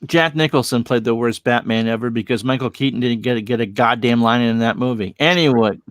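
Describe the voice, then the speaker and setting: A man's voice: mid-range voice, brisk, no echo, studio quality. A man in a casual live chat, cracking jokes and going off on rambling tangents. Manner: wisecracking, rambling asides.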